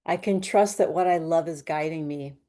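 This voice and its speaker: A woman guiding an EFT tapping session, slowly speaking affirmations in a soothing way for listeners to repeat. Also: low-pitched, dark tone. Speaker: tapping and meditation guide.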